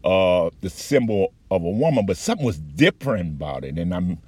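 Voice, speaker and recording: Man, husky voice, low pitch, profane halting personal account, dry close sound. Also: very animated, a little mellow, no echo. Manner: profane, halting, with many restarts and fillers. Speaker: patient recounting an experience.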